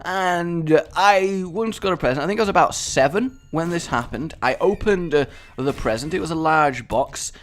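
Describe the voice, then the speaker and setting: A young man hosting a let's play, chatting and rambling while he plays, now and then bursting into excited shouts. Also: on the high side, normal speed. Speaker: gaming channel host.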